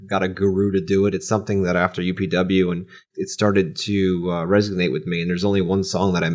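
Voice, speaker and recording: Podcast host, a man with a deep, low voice, calm and reflective in relaxed conversation. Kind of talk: casual podcast chat.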